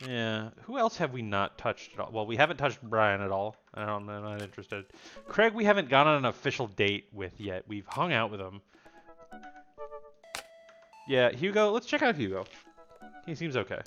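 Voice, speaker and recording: Casting: male streamer, casual chat, lo-fi mic with soft background music. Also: lowish voice, sing-song, moderate pace. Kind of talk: casual gameplay commentary.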